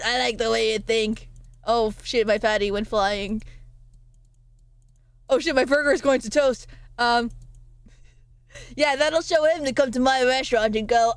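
A woman's voice: on the high side, moderate pace, long pauses, no room sound. A woman streaming a game, chatting casually and playfully, rambling with frequent laughs.

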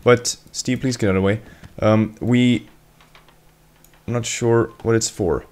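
A man's voice: medium pitch, fairly even intonation, unhurried, darkish tone. A young man giving jokey gameplay commentary as a let's play host, bursting into yelps and swearing and teasing the game monsters. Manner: talks to game monsters in mock voices.

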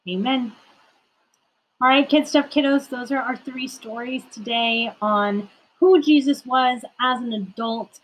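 Young woman, children's read-aloud, expressive, slow, breathy. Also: high voice, poor audio. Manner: warm, expressive storytelling. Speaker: children's ministry reader.

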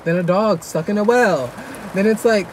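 A young man vlogging casually while shopping with a friend, animated and joking, laughing often, filmed on a handheld phone camera. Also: high voice, moderate pace. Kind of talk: casual vlog chat. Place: shopping store. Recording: noisy store ambience, traffic.

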